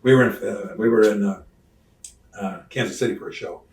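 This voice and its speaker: A man's voice: fairly low pitch, fairly quick, a little hiss or hum. An older man, a retired wrestler, telling stories casually in an interview and acting out what others said. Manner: animated storyteller who acts out other people's lines. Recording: roomy sound from a distant mic.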